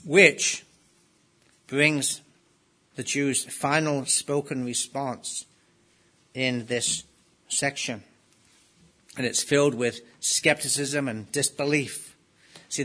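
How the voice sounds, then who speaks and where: A man preaching an expository sermon, asking his listeners rhetorical questions and pressing hard on key phrases. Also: medium pitch. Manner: emphatic, rising to loud stresses on key phrases.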